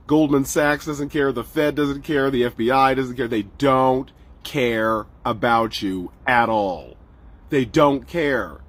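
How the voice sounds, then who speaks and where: A man hosting a commentary video, ranting with mocking, repeated rhetorical questions and swearing. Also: mid-range voice. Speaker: host.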